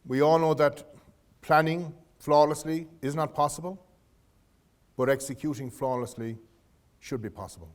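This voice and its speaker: Lecturing man with a slightly high voice. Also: fairly even intonation, moderate pace, long pauses. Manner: anecdotal, restarts phrases, addresses audience directly. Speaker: guest lecturer. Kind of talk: leadership lecture. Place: lecture hall.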